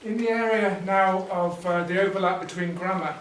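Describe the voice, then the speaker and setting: A man leading a teacher workshop, explaining teaching ideas in a relaxed way with fillers and restarts. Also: high voice, moderate pace, a little hiss or hum. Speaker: workshop trainer. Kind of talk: teacher training talk. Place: workshop room. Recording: echoey room, distant mic.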